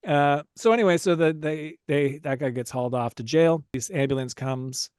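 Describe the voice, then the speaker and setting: A man's voice: on the high side, normal speed, a little mellow, clean tone, no room sound, studio quality. A man hosting a casual movie-recap podcast, telling the story with lots of energy and frequent laughter. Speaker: podcast host.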